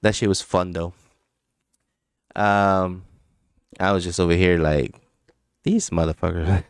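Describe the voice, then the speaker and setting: A low-pitched man with a smooth, resonant voice chats loosely on a live stream, laughing often and swearing freely. He's recorded close and dry, with no room sound. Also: steady tone, slow pace, no room sound. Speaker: crypto trading livestream host. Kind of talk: casual live-stream chat.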